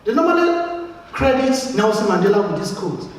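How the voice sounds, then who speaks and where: A man's voice: sits high, very animated, normal speed, slight background noise. A Nigerian-accented man giving a motivational speech to a live audience, emphatic, repeating words and asking the crowd questions. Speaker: motivational speaker. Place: large event hall. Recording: echoey hall, voice from far off.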